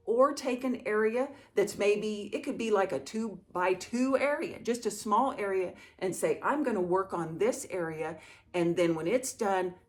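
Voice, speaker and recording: A middle-aged woman talks casually through viewer questions in a gentle, reassuring way. She sounds like the host of a home organizing channel, encouraging and chatty. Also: medium pitch. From small town. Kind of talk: casual Q&A talk to camera.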